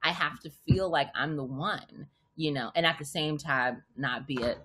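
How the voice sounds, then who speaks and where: A woman actor as a podcast guest, telling stories in a casual, animated way, often stammering and repeating words. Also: low voice, moderate pace, breathy edge. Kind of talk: casual interview chat. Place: podcast recording.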